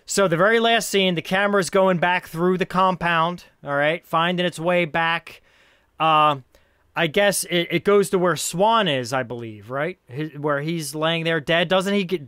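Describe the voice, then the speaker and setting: A man's voice: a little high, normal speed, bright, forceful tone, smooth, no echo, clean studio sound. A man hosting a casual film podcast, rambling and thinking aloud, laughing often as he talks. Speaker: podcast host.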